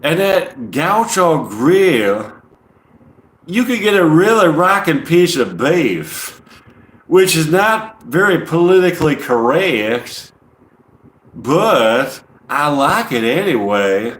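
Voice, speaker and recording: A lazy Southern gentleman with a put-on Southern drawl, as a man puts him on, spewing words out slack and unhurried. The voice climbs high and loud and swings widely. A roomy echo hangs around it. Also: very animated, heavily acted. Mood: relishing. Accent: put-on American Southern.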